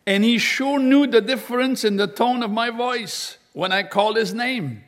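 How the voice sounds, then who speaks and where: A man preaching a sermon, reading scripture aloud and explaining it slowly and deliberately. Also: high voice.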